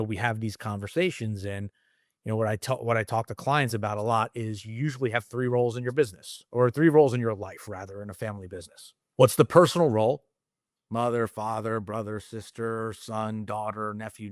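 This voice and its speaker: A man's voice: medium pitch, no echo, clean studio sound. A middle-aged man talking candidly as a podcast guest, casual and rambling, swearing freely. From United States. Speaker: guest entrepreneur.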